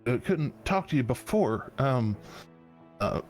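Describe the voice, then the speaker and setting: A man voicing a gentle, caring woman with a soft Southern accent who speaks through a familiar, in a halting, soft-spoken way. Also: mid-range voice, big pitch swings, soft background music. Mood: concerned. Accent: soft Southern US (put on).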